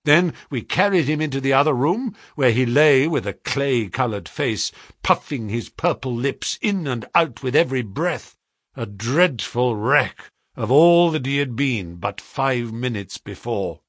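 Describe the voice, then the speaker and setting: Man reading classic fiction aloud, animated pitch, slightly husky, dry close sound. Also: measured pace, no room sound. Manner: dramatic, building tension. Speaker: audiobook narrator. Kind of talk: scripted narration.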